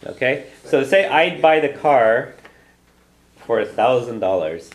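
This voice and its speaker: A man's medium-pitched, expressive voice moves a little slowly as he runs a language class. Patiently, he explains, demonstrates phrases for the students to repeat, and checks in with "okay?" again and again. The recording carries room echo and chatter from the class.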